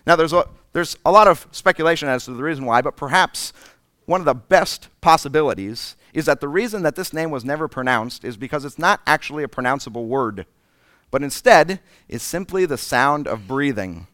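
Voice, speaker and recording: A man's voice: a little high, expressive, fairly quick, no echo. Male preacher, dramatic sermon delivery, resonant tone, dry close mic. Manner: dramatic, swings from loud emphasis to breathy whispers.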